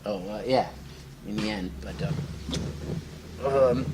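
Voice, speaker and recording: A man's voice: lowish voice, takes it slowly, darkish tone, slight background noise. Rambling young man telling workplace stories. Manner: rambling storyteller, acts out quoted coworkers, laughs often. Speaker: podcast co-host. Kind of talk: casual chat.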